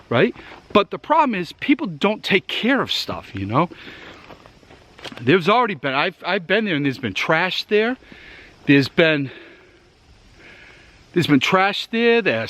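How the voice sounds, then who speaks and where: Out of breath on a woodland hike, a man with a Massachusetts accent who vlogs about outdoor gear rambles chattily to his viewers, speaking to them directly as he tours the trail. His voice is high, bright and forceful.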